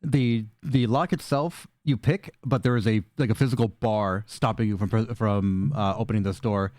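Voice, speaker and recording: A man's voice: fairly low pitch, fairly even intonation, moderate pace, darkish tone, dry recording. Man, dungeon master, casual rambling narration, dry close sound. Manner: loose, rambling with fillers and cursing. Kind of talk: narrating a tabletop game.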